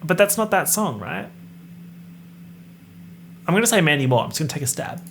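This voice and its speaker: A man hosting a casual solo podcast, chatting and guessing out loud as he reads and half-sings song lyrics. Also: on the high side, big pitch swings, brisk, gravelly, a little hiss or hum. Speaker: podcast host. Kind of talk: casual solo podcast, pop music quiz.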